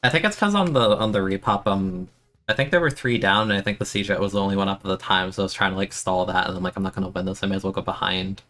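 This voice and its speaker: A young man streaming a game, complaining in an exasperated, self-mocking way, with sudden high-pitched outbursts. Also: quick pace, sharp tone. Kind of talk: casual live-stream commentary.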